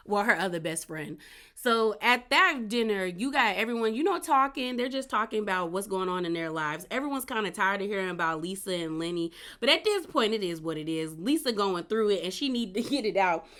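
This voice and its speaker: A woman recapping a reality show in a casual, opinionated way, full of slang and asides. She speaks in with a bright, forward voice at an ordinary pitch for a woman.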